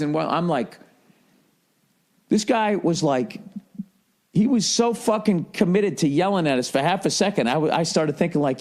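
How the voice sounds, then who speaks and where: A man's voice: high-pitched, big pitch swings, moderate pace, a little mellow. A man streaming live, telling a rambling, profanity-laden story in casual chat. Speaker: livestreamer.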